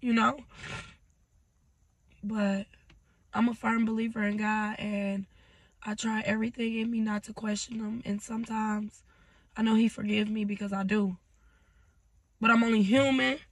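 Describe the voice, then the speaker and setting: A woman talks through tears in a personal vlog, her voice gravelly and husky. She speaks haltingly, pausing and falling to near-whispers. The sound is dry and close, with no room around it. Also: a little high, flat delivery, dry recording. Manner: halting, breaks off, drops to whispers. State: tearful. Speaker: vlogger.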